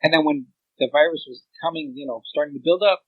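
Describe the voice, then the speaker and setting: Husky man talking earnestly, dry sound. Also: a little high, fast talker, no echo, narrow, tinny audio. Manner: earnest, opinionated. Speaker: podcast guest. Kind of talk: casual chat.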